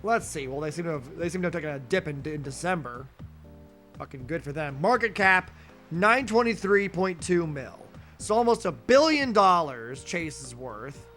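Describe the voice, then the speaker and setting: With soft background music, a young man streams a game from home, his higher-pitched, fairly bright voice moving with lively intonation at normal speed. He rants hotly into a desk mic, cursing a lot and adding sarcastic side comments.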